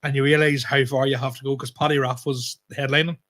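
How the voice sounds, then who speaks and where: A man's voice: medium pitch, flat delivery, fast, fairly bright tone. A young man co-hosting a comedy podcast, laid-back and chuckling in casual chat.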